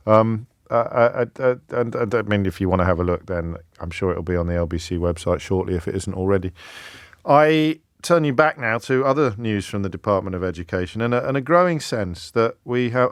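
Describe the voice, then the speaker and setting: A man's voice: on the low side, animated, a little fast, no echo. A man hosting a live radio phone-in show, talking in a wry, self-mocking way and bantering easily with callers on a studio microphone.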